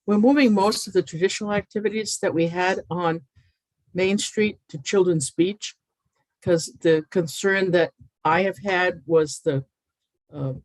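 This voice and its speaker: A woman presenting a plan at a public town meeting, working from her notes with frequent hesitant pauses. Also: on the low side, a little mellow, dry recording, rough recording.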